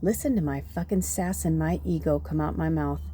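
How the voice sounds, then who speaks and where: A woman giving a casual tarot reading, chatty and rambling, swearing casually and sometimes dropping into soft whispers. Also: low-pitched, normal speed, slight background noise. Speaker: tarot reader and medium.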